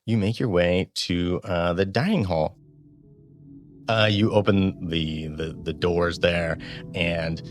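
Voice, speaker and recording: A man narrating as game master of a tabletop role-playing game, relaxed and halting. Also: sits low, over music.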